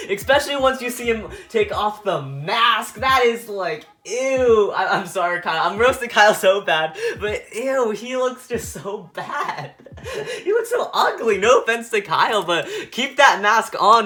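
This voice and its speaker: Young male reviewer, high bright voice, rambling and giggly. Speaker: anime reviewer. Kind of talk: casual review chat.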